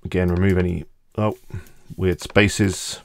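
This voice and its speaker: A man hosting a screen-recorded software tutorial, talking casually and thinking aloud as he clicks through each step. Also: low-pitched, little pitch movement, a little slow, gravelly. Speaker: tutorial host.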